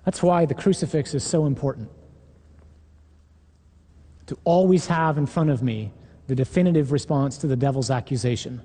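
Male preacher, earnest and emphatic, mellow and husky, long hall reverb. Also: mid-range voice, moderate pace, long pauses. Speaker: Catholic preacher. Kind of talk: sermon.

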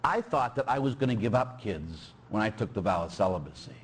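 A man's voice: on the low side, fairly quick, a little hiss or hum. A middle-aged man, a Catholic priest, preaching a sermon and telling stories animatedly. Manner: animated storyteller, acts out quoted voices.

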